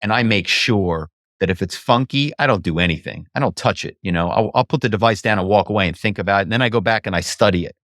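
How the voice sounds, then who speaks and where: A man, a former actor, telling stories as a podcast guest in an animated, chatty way, often saying "you know". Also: lowish voice, quick pace, no room sound, clean studio sound. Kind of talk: casual interview talk.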